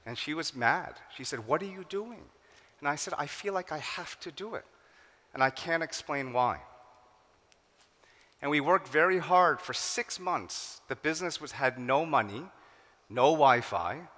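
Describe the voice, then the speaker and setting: A middle-aged man from the United States gives a keynote talk, telling his story with animated quoted voices and Korean phrases mixed in. His tone is bright and forceful, and a long reverb from the big hall trails each line. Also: medium pitch. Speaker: keynote speaker. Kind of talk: forum talk. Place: large hall.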